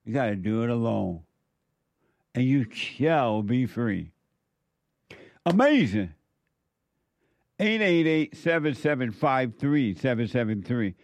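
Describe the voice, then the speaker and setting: Emphatic radio host lecturing listeners. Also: male voice, mid-range voice, animated, slow pace, long pauses, no room sound, lo-fi sound. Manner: emphatic, lecturing, often laughing. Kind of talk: call-in talk show preaching. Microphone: studio mic.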